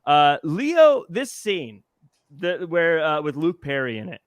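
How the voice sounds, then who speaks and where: A man's voice: fairly high pitch, very animated, slow pace, dry recording, studio quality. A man hosting a casual movie review chat, recapping scenes with hesitant restarts. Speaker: podcast host.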